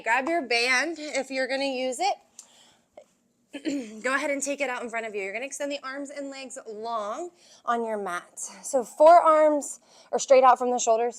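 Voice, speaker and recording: A young woman guiding a yoga and strength workout, cueing moves and counting reps in an encouraging way, at times out of breath. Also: on the high side. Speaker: yoga and fitness instructor. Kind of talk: guided workout instruction.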